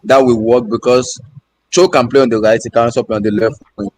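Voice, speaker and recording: A man chatting on a video call, speaking haltingly with fillers. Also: medium pitch, a little mellow. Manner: hesitant, halting phrasing. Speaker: panelist. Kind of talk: casual video call chat.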